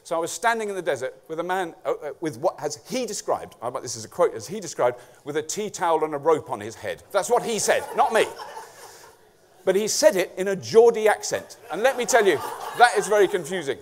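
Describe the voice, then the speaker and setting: Middle-aged english guy, high voice, sweary jokey sarcastic conference talk. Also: very animated, fairly quick, a little hiss or hum. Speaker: conference speaker.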